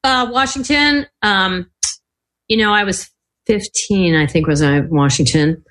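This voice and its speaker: A woman's voice: mid-range voice, a little slow, fairly bright tone. An older woman, a podcast guest, telling stories in casual talk, acting out the voices she quotes and laughing often. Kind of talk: casual storytelling interview.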